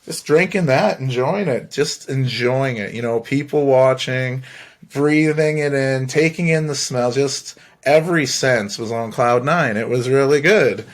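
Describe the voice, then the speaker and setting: A man's voice: mid-range voice, measured pace. Rambling man telling a story. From Canada. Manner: rambling, animated, swears freely, laughs between phrases. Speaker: podcast host. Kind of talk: casual storytelling monologue.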